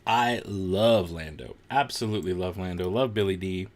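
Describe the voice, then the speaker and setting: A man's voice: sits low, moderate pace. A man hosting a live watch-along stream, chatting casually with viewers, reacting to the show and laughing often.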